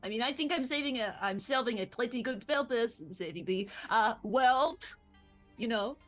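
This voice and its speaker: A woman's voice: fairly high pitch, lively intonation, fairly bright tone, faint music behind. A woman playing in a tabletop game, playful and joking. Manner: playful, laughing, unhurried. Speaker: player.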